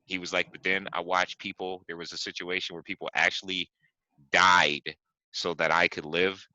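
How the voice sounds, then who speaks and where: A man hosting a podcast, casually chatting about movies, animated and laughing, often repeating himself. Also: low-pitched, moderate pace, no room sound, muffled recording. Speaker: podcast host.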